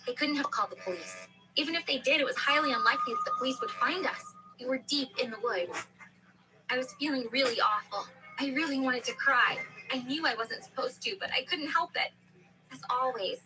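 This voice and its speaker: A woman narrating a first-person dramatic story in an earnest manner. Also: high voice. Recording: noisy background hiss.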